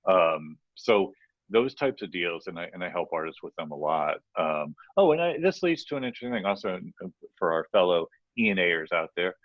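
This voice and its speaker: A man's voice: deep voice, lively intonation, brisk, no echo, dull audio. A man co-hosting a casual podcast, advising on the music business in a rambling, playful way with many restarts.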